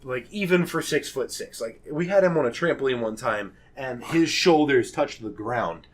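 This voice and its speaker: A young man telling a wild story on a podcast in a casual, animated way. He laughs often, swears freely and acts out the people he quotes. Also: mid-range voice, normal speed.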